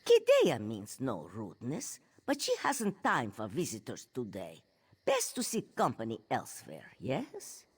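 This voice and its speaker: A woman's voice: a bass voice, wildly swooping pitch, measured pace, breathy edge, pitched below the performer's own voice, exaggerated voice. A woman voicing a curt female cat-folk farmer who speaks of herself by name.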